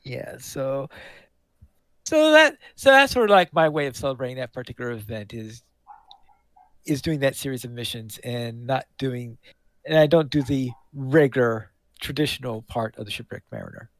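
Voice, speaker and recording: A man's voice: mid-range voice, moderate pace, no echo. A man co-hosting a game podcast in casual chat, often repeating words as he thinks aloud. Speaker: podcast co-host.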